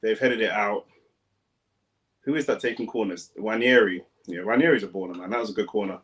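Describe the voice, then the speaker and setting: A young man, a fan streamer giving casual, slangy live commentary on a football match, breaking into sudden loud outbursts. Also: on the low side, brisk.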